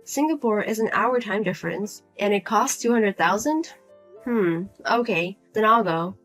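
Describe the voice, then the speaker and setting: A woman's voice: mid-range voice, normal speed, a bit bright, soft background music, voice pushed down, natural voice. A woman voicing a single adult daughter who speaks bluntly and coldly to her mother. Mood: firm, exasperated. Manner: blunt, cold, lecturing.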